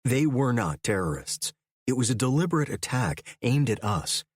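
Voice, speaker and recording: A man's voice: medium pitch, very animated, moderate pace, breathy edge, no room sound, clean studio sound. A man voicing a confident archaeologist who talks in a firm, urgent, matter-of-fact way. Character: confident male archaeologist, blunt and insistent.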